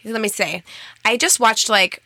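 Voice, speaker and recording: A woman's voice: fairly high pitch, unhurried, bright, forceful tone, no echo. A woman co-hosting a podcast, chatting frankly and joking with her co-host. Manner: chatty, laughing, frank banter. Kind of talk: casual chat.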